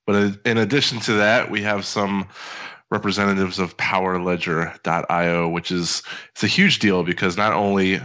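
A man's voice: low-pitched, steady tone, normal speed, sharp tone. A man co-hosting a casual podcast, introducing guests in a loose, rambling way with lots of fillers. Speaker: podcast co-host. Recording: dull lo-fi audio.

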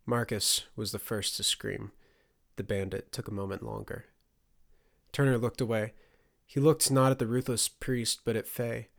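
A man reading a fantasy audiobook as its narrator, in steady, measured scripted storytelling. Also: fairly low pitch, creaky.

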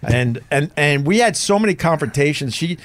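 A man's voice: on the high side, expressive, moderate pace. A middle-aged man from Long Island hosting a podcast and telling profane stories in casual chat. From Long Island, New York. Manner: profane storytelling. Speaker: podcast host.

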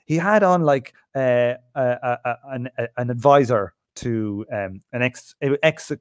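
A man's voice: mid-range voice, unhurried, smooth, dry recording, clean studio sound. An Irish man co-hosting a podcast, swearing freely and spinning anecdotes in casual chat. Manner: profane anecdotal storyteller. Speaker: podcast co-host.

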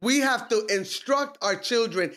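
Emphatic high-voiced man preaching. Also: a little slow, a bit bright. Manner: emphatic, scripture-quoting. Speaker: co-host of a faith podcast. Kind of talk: preaching-style faith talk.

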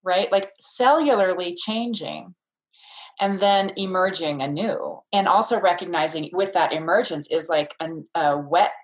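Low-voiced woman explaining thoughtfully. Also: a little slow, rough recording. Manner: thoughtful, explanatory, many fillers and restarts. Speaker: childbirth educator, guest. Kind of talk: casual interview conversation.

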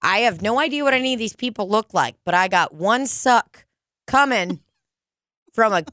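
A woman's voice: medium pitch, expressive, moderate pace, sharp tone, no room sound, clean studio sound. Raunchy woman riffing in casual chat. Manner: raunchy, riffs on bits with playful exaggeration. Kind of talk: crude comedic casual chat.

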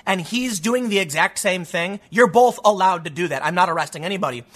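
A man voicing a dismissive woman police officer who talks slowly and flatly, in a raised, bright voice. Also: high-pitched. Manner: slow, flat, dismissive. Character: unbothered woman police officer, dry and firm.

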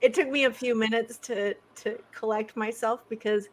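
A woman's voice: a little high, steady tone, moderate pace, a little hiss or hum. A woman being interviewed as a guest over a video call, chatty, breaking off her own sentences and laughing often.

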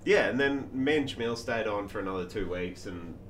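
A man's voice: fairly low pitch, animated, fairly quick, a bit bright, a little hiss or hum. A man telling stories in casual chat as a band member, laid-back, peppering his talk with "like" and swearing. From Australia. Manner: laid-back, swears often, fills with "like" and "yeah".

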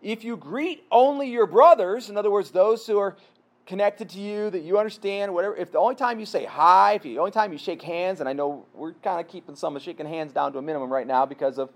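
Guy with a high-ish voice preaching, earnest, talks it through like a chat. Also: quick pace. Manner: earnest, conversational preaching with rhetorical questions. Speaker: pastor. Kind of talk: sermon.

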